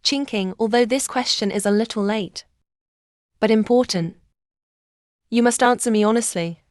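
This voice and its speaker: A woman dubbing dialogue for a young heroine in a short romance drama, speaking in a slow, measured way with plain, even phrasing. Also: on the high side, no room sound, clean studio sound, close to an everyday voice.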